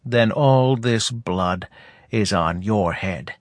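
A man voicing a resentful human colonial officer with a deep, hoarse voice and savage outbursts. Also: takes it slowly, no echo. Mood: accusing. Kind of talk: audiobook character reading.

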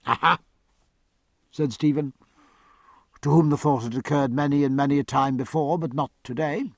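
A man reads a historical sea novel in a measured, literary way. His voice is gravelly and husky and sits a little high. The recording is close and dry. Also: steady tone, dark tone, no echo. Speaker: audiobook narrator. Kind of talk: scripted narration.

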